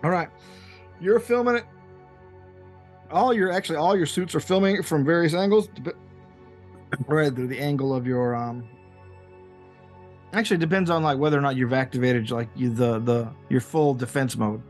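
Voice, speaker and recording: A man's voice: a little high, moderate pace, long pauses, faint music behind. A man narrating as game master, hesitant and full of restarts. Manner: hesitant, many fillers and restarts.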